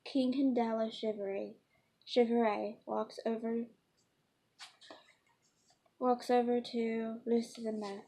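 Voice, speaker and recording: A woman with a somewhat high, dark-toned voice and flat delivery reads her own fantasy story aloud. The reading is halting and unpolished, and she stumbles and corrects herself often.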